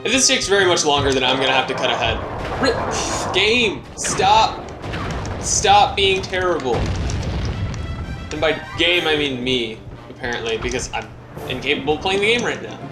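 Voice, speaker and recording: A man's voice: medium pitch, very animated, quick pace, rough recording. A young man hosting a casual gameplay commentary, rambling, joking and mocking his own skill. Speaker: let's play host. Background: game music.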